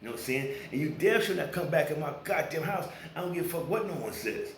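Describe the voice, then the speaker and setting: A man's voice: a little high, expressive, quick pace, reverberant, a little hiss or hum, rough recording. A man ranting casually to his viewers, swearing a lot and acting out quoted voices as he tells a story. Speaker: vlogger. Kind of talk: casual rant to camera.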